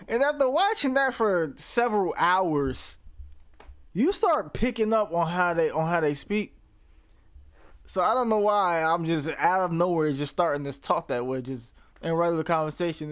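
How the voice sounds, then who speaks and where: Chatty guy reacting to a tv show, kinda high voice, dead dry sound. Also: moderate pace, no echo. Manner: rambling, laughing, swears casually. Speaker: reaction video host. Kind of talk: casual reaction commentary.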